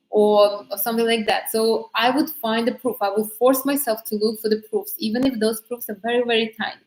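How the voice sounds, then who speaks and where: A woman's voice: fairly high pitch, fairly even intonation, brisk, echoey room, rough recording. A woman coaching casually on manifesting, chatty with many fillers and restarts. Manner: chatty, frequent fillers and self-corrections, laughs often. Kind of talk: casual advice talk.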